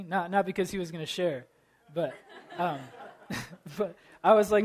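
A man in his thirties who prays and then opens a sermon, earnest and halting, with many fillers and a self-deprecating humor. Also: on the high side. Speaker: preacher. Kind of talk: prayer and sermon opening.

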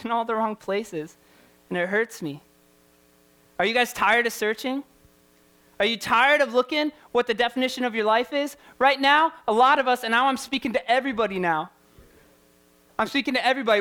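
A man's voice: extremely high pitch, sharp tone. A man preaching a sermon as a youth pastor, impassioned and repetitive, firing rhetorical questions at his listeners.

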